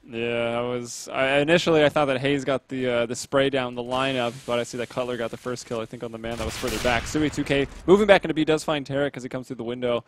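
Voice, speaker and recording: A man casting an esports match from home, his voice at an ordinary middle pitch. His tone is relaxed and conversational, with quick rises when the action heats up. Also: slight background noise. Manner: casual, chatty, calls the action with sudden excited bursts. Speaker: esports caster. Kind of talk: play-by-play game commentary.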